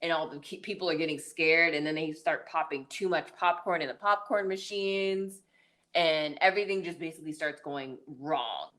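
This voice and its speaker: A woman's voice: low-pitched, moderate pace, a bit bright. A woman co-hosting a podcast, casually recapping a film's plot with lots of "like" and "um" and the odd laugh. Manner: chatty, full of "like" and "um"; laughs now and then mid-story. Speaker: podcast co-host. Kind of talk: casual movie review recap.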